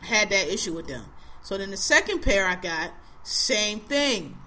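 A woman's voice: mid-range voice, very animated, fairly quick, pushed and bright. A young woman telling a story as a casual, profane rant that grows heated.

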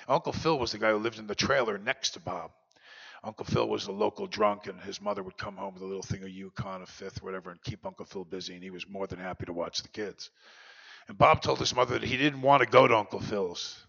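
Brief: confessional keynote speaker, man, bright edgy voice, reverberant hall. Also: fairly low pitch, fast talker, vocal fry, husky. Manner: earnest, confessional storyteller. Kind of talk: personal recovery talk. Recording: dull lo-fi recording, long hall reverb.

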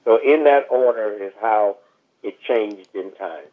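A man tells a winding story as a podcast guest, full of asides and fillers. His voice sits a little low, and it comes through a thin, tinny phone line. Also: a little slow. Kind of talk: storytelling interview over the phone.

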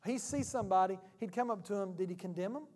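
A male pastor preaching a sermon in an animated, humorous and conversational way. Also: high voice, fast talker. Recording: reverberant church hall.

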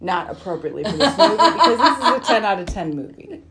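Podcast host, woman, mid pitch, playful and laughing, faint background hum. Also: big pitch swings, quick pace. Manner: playful, laughs through her lines. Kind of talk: casual podcast chat, reading out reviews.

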